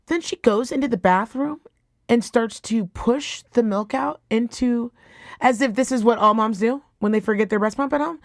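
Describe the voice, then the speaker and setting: A woman co-hosting a podcast, recapping a TV show in blunt, profane, animated casual chat. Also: a little high, no room sound, studio quality. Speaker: podcast co-host.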